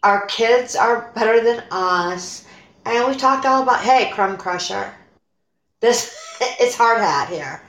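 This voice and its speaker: A woman's voice: a little high, slow pace, a bit bright, reverberant, rough recording. An American woman guesting on a podcast, chatting casually, laughing often and restarting her sentences. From United States. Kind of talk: casual chat.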